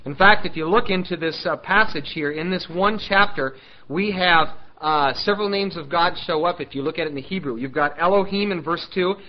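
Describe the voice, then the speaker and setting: Animated preaching male pastor, lo-fi. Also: a little high, brisk. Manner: animated preaching, drops to soft intimate asides. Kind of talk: sermon.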